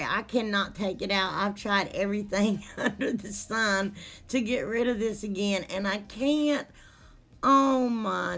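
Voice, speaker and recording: A woman's voice: medium pitch, fairly bright tone. A woman narrating her crafting vlog casually, apologetic and laughing at herself as she rambles. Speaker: DIY crafting vlogger.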